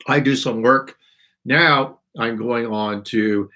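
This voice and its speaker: Slow and steady, with a sharp tone and mid-range voice, a podcast host on a live stream tells an exasperated, rambling complaint story full of restarts. An irritated throat keeps catching, so he clears it often.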